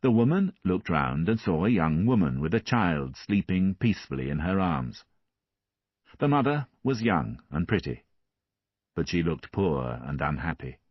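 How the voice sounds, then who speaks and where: A man reading a classic novel aloud as an audiobook narrator, measured and expressive. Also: sits low, dry recording, highs cut off.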